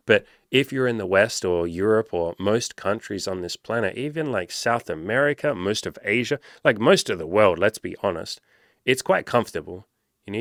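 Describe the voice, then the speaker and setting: A young man with a fairly low voice riffs casually through an article, swearing freely and hammering his points. The recording is close and dry, with no room sound. He keeps switching into little acted-out pep talks. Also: fairly bright tone, no echo. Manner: emphatic, profane, puts on voices when quoting himself. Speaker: podcast host and dating coach. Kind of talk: casual podcast commentary reading an article.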